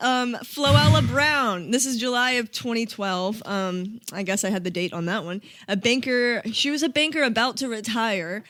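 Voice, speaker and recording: A woman's voice: fairly high pitch, moderate pace, hardly any pauses, fairly bright tone, no room sound. A woman co-hosting a podcast, casually reading out a story from her notes with lots of ums and laughs. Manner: reads facts with frequent ums and laughs. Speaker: podcast co-host telling the story.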